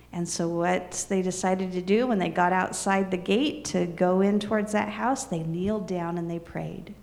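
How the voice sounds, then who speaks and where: A woman telling a serialized story in an unhurried, soft-spoken way. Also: on the low side, steady tone, gravelly.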